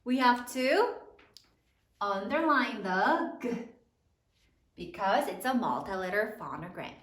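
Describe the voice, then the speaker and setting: Slow sing-song woman teaching spelling. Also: medium pitch, animated, a bit bright, reverberant. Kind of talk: spelling lesson for third graders.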